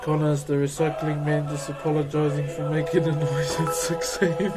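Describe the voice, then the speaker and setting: A young man with a New Zealand accent talks in an easygoing, chuckling way, calling his listeners "bro". His voice sits a little high for a man. Music plays clearly underneath. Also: rough recording. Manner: laid-back, chuckling, friendly "bro" talk. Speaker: livestreamer reading chat while woodcarving. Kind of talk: casual live-stream chat.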